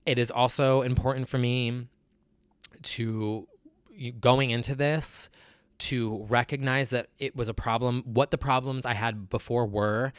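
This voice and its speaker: A man's voice: medium pitch, steady tone, unhurried, clear, resonant tone, dry recording. A man with a nasal voice, talking earnestly and confessionally in a casual personal vlog, with many fillers. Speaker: vlogger.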